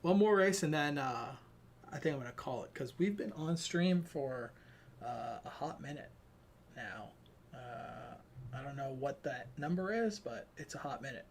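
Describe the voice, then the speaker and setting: Medium-pitched and animated, a young man from Ireland talks a little slowly, with a bit of hiss or hum behind him. He's tired and sweating, casually chatting to stream viewers between sim races, rambling, running himself down, and tinkering with his gear as he addresses chat.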